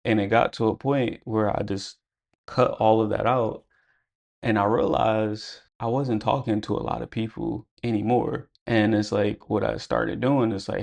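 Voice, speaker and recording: A man's voice: fairly low pitch, fairly even intonation, unhurried, creaky, darkish tone. A young man telling a personal story to camera in a casual, reflective way, full of "like" and "you know". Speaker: vlogger.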